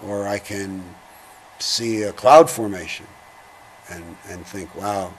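An older man, a veteran giving an oral history interview, speaking in a reflective, halting way, heavy with feeling. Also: lowish voice, fairly even intonation, slight background noise.

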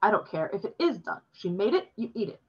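A woman's voice: medium pitch, very animated, fairly quick, slightly rough. A woman voicing a stern immigrant father who speaks clipped, broken English, recorded with dull lo-fi sound.

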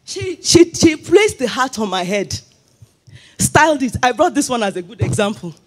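A woman's voice: on the high side, big pitch swings, moderate pace. A woman pastor, preaching a fervent sermon in church and slipping into sung phrases.

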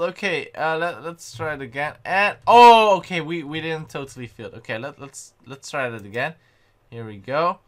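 A young man giving excitable, panicky gameplay commentary and often mocking his own mistakes. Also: fairly high pitch, normal speed. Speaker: gaming channel host.

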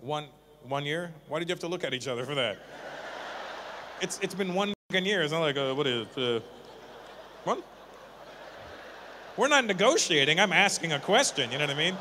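A male stand-up comedian doing crowd work live on stage, teasing audience members with profane, quick banter. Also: a little high, animated, pushed and bright, slight background noise.

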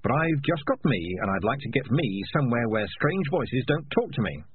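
A man's voice: mid-range voice, sing-song, moderate pace, slightly rough, voice pushed up. A man voicing a sardonic, self-serving talking tomcat with a wry, cocky manner. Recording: tinny lo-fi audiobook recording.

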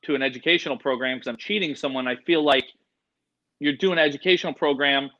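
A man who works as an animal educator, telling stories in a casual interview in an excitable, animated way and mimicking the people he talks about. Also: mid-range voice, fast talker, dull audio.

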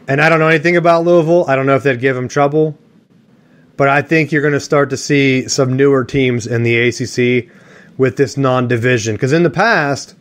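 A man hosting a sports podcast, rambling and joking in casual chat with a co-host. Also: mid-range voice.

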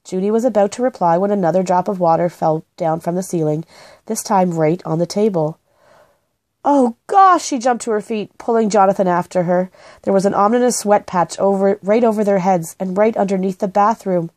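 A woman gently and expressively reading a children's book aloud. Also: mid-range voice, brisk, no room sound. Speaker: storybook reader.

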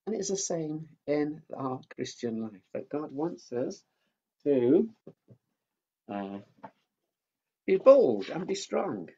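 A man, gently giving a children's sermon talk as a pastor. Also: fairly high pitch, sing-song, slow pace, pauses often, husky. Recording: dull lo-fi sound.

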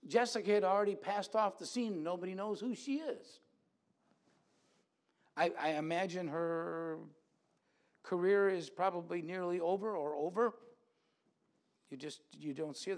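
A man preaching a sermon in a church, animated, acting out quoted voices with big swings in loudness. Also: high-pitched, normal speed, long pauses.

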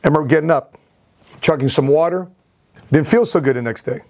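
A man telling a personal story on his vlog as an entrepreneur, in an animated, repetitive way. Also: fairly high pitch, normal speed. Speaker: entrepreneur vlogger.

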